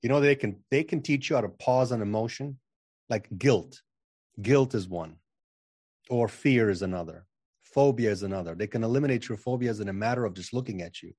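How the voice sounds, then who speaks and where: Husky and darkish, with a medium pitch and a brisk pace, this man's voice comes through a dry, studio-quality recording. He's a channeling coach on a podcast, speaking in a casual interview with self-assured emphasis and a habit of repeating words as a sentence begins.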